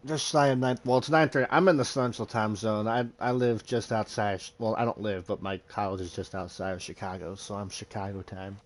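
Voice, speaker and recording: A man's voice: fairly low pitch, fairly even intonation, fairly quick, hardly any pauses. A man in his twenties giving casual, chatty running commentary as he streams a racing game live. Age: 20s.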